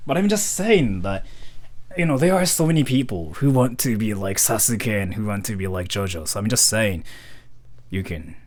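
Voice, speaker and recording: A man's voice: lowish voice, breathy edge. A man in his twenties talking casually to camera, rambling and mocking himself. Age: 20s. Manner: rambling, joking, self-mocking. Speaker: vlogger.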